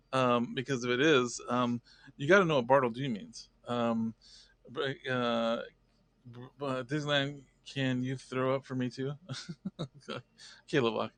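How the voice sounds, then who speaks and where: A man's voice: on the high side, a bit bright, no echo. A man hosting a casual live stream, rambling and chatty, greeting viewers by name.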